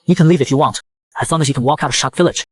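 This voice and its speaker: A smug, overbearing male shark who keeps teasing and pressing his claim, as a male narrator puts him on. He talks fast in a slightly high voice, with little change from the storyteller's own. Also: husky, no room sound. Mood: coaxing. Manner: teasing, persistent, possessive. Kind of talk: comic recap narration.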